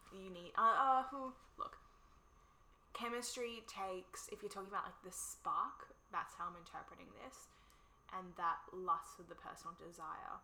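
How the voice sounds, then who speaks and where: A chatty, upbeat woman talking as a podcast guest. Her voice is very bright and sharp. She is recorded in a roomy, echoey space with a faint hum of ambience behind her. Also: lowish voice. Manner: upbeat, chatty, laughs easily. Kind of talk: casual interview chat.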